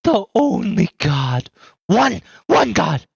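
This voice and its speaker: A game master voicing a deranged, weeping woman who shrieks and raves in a high, far-off voice. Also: sing-song, slow pace, creaky, a little mellow, breathy edge, no room sound, highs cut off, full character voice. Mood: raving. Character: deranged weeping woman, grief-mad and frantic.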